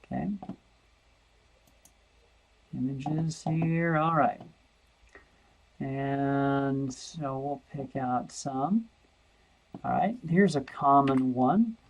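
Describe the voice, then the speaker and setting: Man, math teacher, slow, gravelly, thinking aloud, screen-recorded lesson. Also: medium pitch, low-quality recording. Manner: slow, thinking aloud, repeats words while searching.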